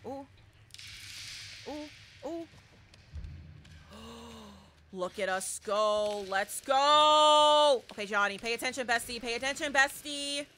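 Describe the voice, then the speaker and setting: A young woman streaming a horror game live, commenting excitedly and shouting repeated cheers and trash talk at her teammates. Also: on the high side, slow pace, long pauses, slight background noise.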